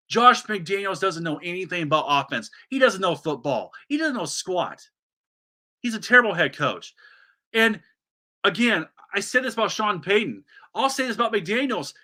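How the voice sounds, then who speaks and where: A man's voice: sits high, bright, forceful tone. A man hosting a solo sports podcast, ranting animatedly with many restarts and asides.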